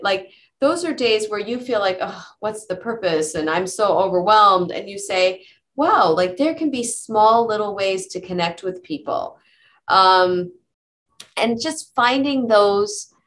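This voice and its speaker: A middle-aged woman speaks as a psychologist guest on an interview podcast. She tells stories earnestly, her thoughts spilling out with fillers and restarts. Her pitch sits in an ordinary middle range. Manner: warm storytelling, earnest, with many fillers and restarts. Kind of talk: conversational interview answers.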